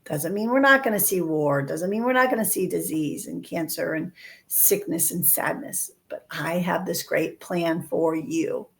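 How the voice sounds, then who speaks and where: A woman's voice: on the low side, measured pace, creaky, fairly bright tone. A woman co-hosting a faith podcast, talking earnestly and acting out quoted voices in casual discussion. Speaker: podcast co-host.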